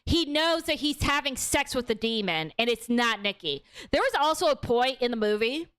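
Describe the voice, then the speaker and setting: Outspoken high-voiced woman reviewing a movie. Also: moderate pace, clean tone. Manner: animated, outspoken, swears freely. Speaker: movie review livestream host. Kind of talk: casual livestream movie review.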